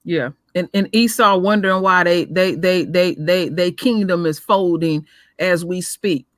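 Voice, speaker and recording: A man in a casual chat, halting and repeating words before landing on a blunt, profane opinion. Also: sits high, fairly bright tone, no room sound, studio quality.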